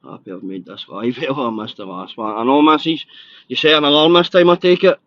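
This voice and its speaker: A Scottish man hosting a live podcast in casual chat, excitable and a little nervous, swearing freely. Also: medium pitch, brisk, no echo, highs cut off. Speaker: podcast host.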